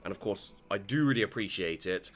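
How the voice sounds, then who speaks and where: A man doing gameplay commentary, excitable and joking, with frequent stammered restarts and casual swearing. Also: lowish voice, brisk. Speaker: let's play host. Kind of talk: gameplay commentary, reading dialogue aloud.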